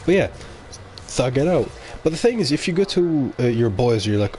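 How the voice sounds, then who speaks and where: Streaming a game, this man rambles to his viewers in a casual livestream monologue, full of opinions and mid-sentence self-corrections. His medium-pitched voice is very animated and a bit dark in tone, moving at a normal speed.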